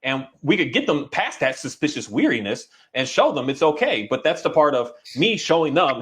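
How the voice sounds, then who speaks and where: A man with a fairly high voice talks casually about dogs. He rambles and restarts often, and slips into little quoted voices for the dogs. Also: sing-song, moderate pace, few pauses, a bit bright. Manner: rambling, with many restarts and acted-out dog voices. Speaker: dog trainer. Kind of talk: casual conversation.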